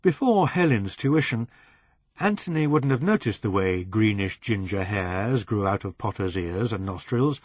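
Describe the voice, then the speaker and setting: Male narrator, audiobook reading, measured, middle pitch, dry close studio sound. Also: no echo. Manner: measured, slowing on descriptive phrases. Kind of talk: scripted narration of a novel.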